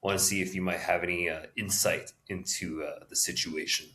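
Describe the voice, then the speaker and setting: A man's voice: low-pitched, steady tone, fairly quick, bright, forceful tone. A man playing a tabletop game, hesitant and earnest as an undercover cop. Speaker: player. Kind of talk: tabletop role-play.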